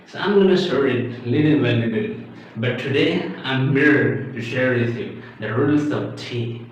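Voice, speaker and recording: A man with an Indian accent giving an animated English lesson, exclamatory and playacting confused learners. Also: mid-range voice, a little slow. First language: Indian language. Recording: echoey, distant, dull lo-fi with faint hiss.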